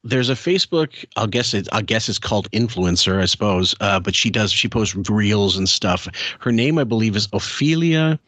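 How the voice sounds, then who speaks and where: Low-voiced man in casual podcast chat. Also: expressive, moderate pace, a bit bright, no room sound. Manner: rambling, hesitant, self-correcting. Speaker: podcast co-host.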